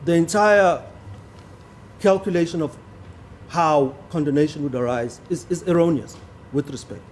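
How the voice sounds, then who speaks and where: A man's voice: fairly high pitch, moderate pace, slight background noise. A man arguing a legal point before a judge in a courtroom, formal and deferential to the bench, stressing key words. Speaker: advocate.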